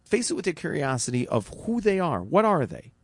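A man's voice: fairly high pitch, very animated, a little fast, breathy edge, no room sound. A man telling a personal story in a loose, conversational way with lots of fillers and restarts, then drawing a motivational lesson from it. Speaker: storyteller sharing a life lesson.

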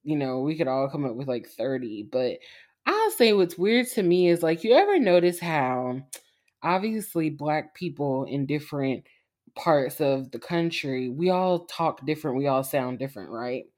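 A woman co-hosting a casual group chat, animated and quick to laugh and exclaim. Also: low voice. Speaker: podcast co-host.

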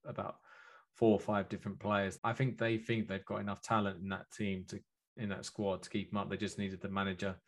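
A man with a slightly low voice talks football in a relaxed chat. He reasons through his points thoughtfully as he goes. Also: brisk. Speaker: football podcast co-host.

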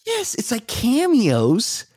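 A man's voice: very high voice, huge pitch swings, slow, a little mellow, husky, no echo, clean studio sound. A man co-hosting a comedy podcast in casual chat, rambling and trailing off as he hunts for names. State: recovering from a finger injury. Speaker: podcast co-host.

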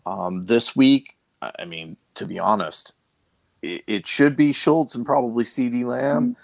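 A man with a Boston accent talking fantasy football as a co-host, in a halting way with many restarts and fillers. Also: medium pitch, gravelly, no echo. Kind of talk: casual sports chat.

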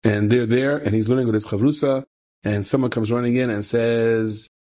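A man, a rabbi, telling a story with a moral lesson in a conversational way, repeating phrases for emphasis. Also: normal speed. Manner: conversational, repeats phrases for emphasis, rising pitch when animated.

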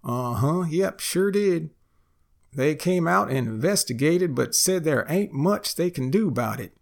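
A man voicing a down-on-his-luck friend with a folksy drawl and a gravelly voice. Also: a little high, lively intonation, measured pace, voice pushed up. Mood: resigned.

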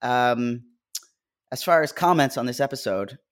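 An American co-host on a podcast telling wry anecdotes in casual chat. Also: male voice, mid-range voice, lively intonation, unhurried.

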